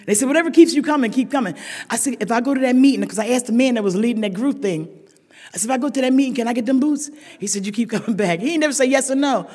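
An older woman sharing a humorous recovery story with a meeting, a lively storyteller who laughs often and rises to shouted emphasis. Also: a little high, racing. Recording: echoey hall.

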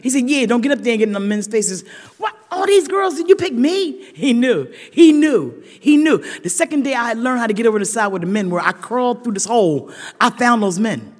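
An older woman sharing a humorous recovery story with a meeting, a lively storyteller who laughs often and rises to shouted emphasis. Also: on the high side, a little fast. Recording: echoey hall.

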